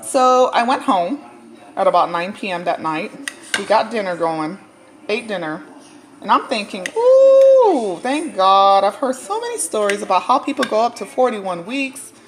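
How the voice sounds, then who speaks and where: A woman telling a personal story while she cooks, casual, animated and often laughing. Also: medium pitch, moderate pace. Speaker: dietitian sharing a personal story. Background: cooking clatter, faint music.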